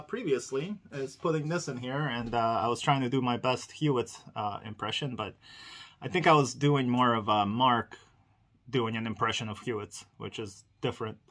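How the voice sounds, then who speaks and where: A chatty man hosting a casual indoor unboxing vlog. He rambles, laughs often, and talks straight to his viewers, with a bright, ringing voice. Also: mid-range voice. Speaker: diecast collector channel host.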